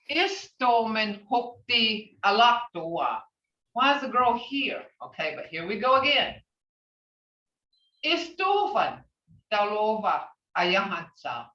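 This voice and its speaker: A woman teaching a language class over a video call, patiently saying phrases slowly and repeating them for her students. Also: medium pitch, sharp tone. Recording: distant, roomy, dull video-call audio.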